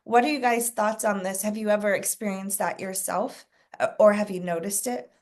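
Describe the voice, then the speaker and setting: A woman leading a casual sales coaching call, talking to a group, asking them questions and clearing her throat often. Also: medium pitch, fairly even intonation, normal speed, darkish tone.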